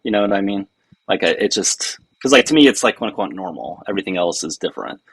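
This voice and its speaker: A man hosts a live stream, talking loosely and reading out viewer comments. His voice is on the low side and a little husky, and it sounds dry and close, with no room around it. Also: animated, quick pace, no echo, poor audio. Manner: reads viewer comments aloud, loose and rambling. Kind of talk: casual live-stream chat.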